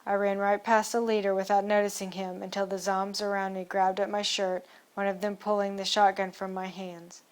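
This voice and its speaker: A woman reading a first-person audiobook chapter in a steady, even storytelling manner. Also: medium pitch, normal speed, few pauses. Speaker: audiobook narrator.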